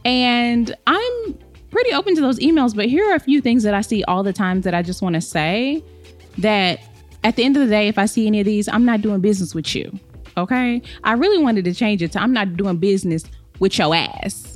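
A woman's voice: mid-range voice, expressive, moderate pace, faint music behind. A young woman hosting her own podcast in a sassy, emphatic monologue, calling listeners honey and babe. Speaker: podcast host. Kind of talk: casual solo podcast monologue.

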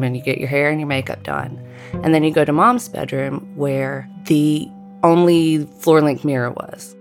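A middle-aged woman narrating a personal story in a measured, deliberate way. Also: low-pitched. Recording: guitar music underneath.

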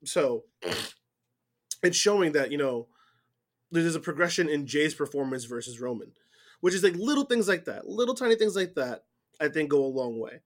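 A man co-hosting a casual wrestling recap chat, animated and given to loud whoops. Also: a little high, normal speed, pauses often. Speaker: podcast co-host.

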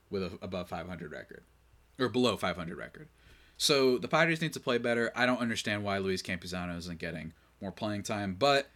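A man hosting a casual sports podcast, opinionated and quick to rant in exasperation, running on little sleep. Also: lowish voice, a bit bright. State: short on sleep. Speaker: podcast host.

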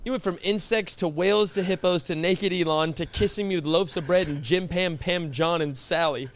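A young man co-hosting a podcast, teasing and blunt in quick banter, also reading the sponsor spots. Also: high-pitched, slight background noise. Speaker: podcast co-host. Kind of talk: casual podcast banter and ad read.

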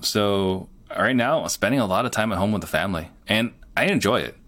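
Low-voiced man, earnest and plain-spoken. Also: animated, brisk, a bit bright. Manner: earnest, plain-spoken, frequent "you know" fillers. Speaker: guest, real estate entrepreneur. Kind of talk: casual interview talk.

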